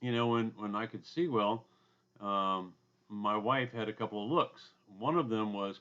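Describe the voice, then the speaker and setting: A man with a loud booming voice and a drawl, giving a casual recorded lecture from his home basement, with asides and throat clearing. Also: normal speed, lo-fi sound. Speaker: instructor.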